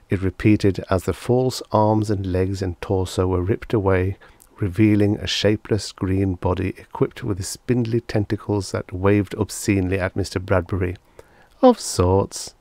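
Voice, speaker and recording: A man with a very low voice reads vintage science fiction aloud, measured and unhurried. The recording is close and dry, with no room around it. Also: flat delivery, a little mellow, no room sound. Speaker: audiobook narrator.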